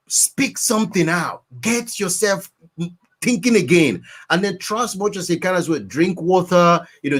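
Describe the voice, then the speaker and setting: A man giving earnest, preachy advice as a guest counselor, repeating phrases for emphasis. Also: high voice. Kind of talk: advice talk.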